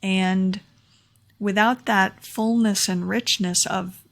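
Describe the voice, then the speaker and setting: A woman's voice: medium pitch, steady tone, slow. A young adult woman vlogging her takeaways in a casual, earnest explainer, repeating key points for emphasis, recorded at home. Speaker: vlogger sharing talk takeaways. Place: home room near a window.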